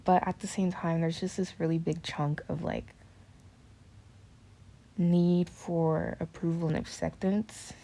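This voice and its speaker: Young woman, low gravelly voice, dark tone, nervous rambling slang-filled confessional chat. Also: little pitch movement, unhurried, pauses often. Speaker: student vlogger.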